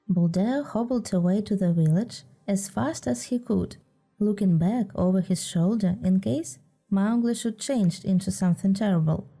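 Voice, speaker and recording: A woman reads a storybook aloud in a steady, even way. Her voice is very dark and mellow, with soft music behind. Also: mid-range voice. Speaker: audiobook reader. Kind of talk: storybook narration. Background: faint music.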